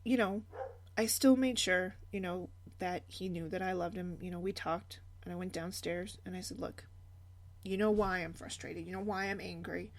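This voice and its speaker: A woman's voice: on the low side, normal speed, slight background noise. A woman hosting a personal storytelling podcast, speaking candidly and laughing often as she tells stories about her family. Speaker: podcast host.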